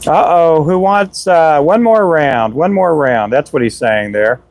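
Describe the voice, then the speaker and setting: This livestream host, a self-proclaimed chatterbox, speaks at a measured pace with lively intonation in a voice pitched slightly high. Using a Donner desk microphone, he rambles cheerfully with jokes and shout-outs in casual chat, though his voice sounds a little tired from hours of talking.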